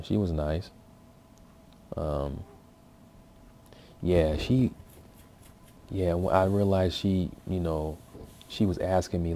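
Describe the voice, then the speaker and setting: A man's voice: low-pitched, dark tone, a little hiss or hum. A man giving casual, rambling commentary on his language practice, full of fillers and restarts. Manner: loose, rambling, filler-heavy with many restarts. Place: at home, with his baby nearby.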